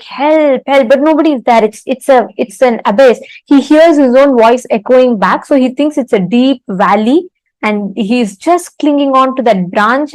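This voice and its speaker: A woman leads an online spiritual teaching, slow and deliberate, with a slightly high voice. She asks her audience questions and tells stories, and the sound is dry and close with no room. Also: darkish tone, dry recording, poor audio.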